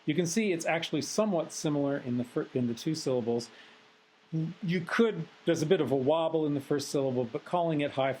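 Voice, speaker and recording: A man giving a recorded phonetics lecture in a measured, analytical way, pausing often on filler sounds. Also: fairly high pitch, darkish tone, slight background noise, poor audio.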